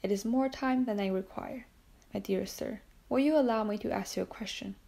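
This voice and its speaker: Suave probing count, measured delivery; woman reader. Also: mid-range voice, gravelly, mellow. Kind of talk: audiobook character reading.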